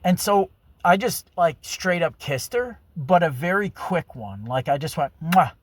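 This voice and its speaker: A man's voice: a little high, lively intonation, measured pace, slight background noise. A man telling a personal story in a rambling, casual monologue full of fillers and crude language. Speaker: vlogger.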